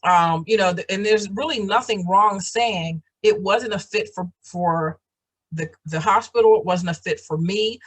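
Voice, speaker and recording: Woman, husky voice, program host, casual encouraging chat, video call. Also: mid-range voice, a little slow. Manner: encouraging, many fillers and restarts.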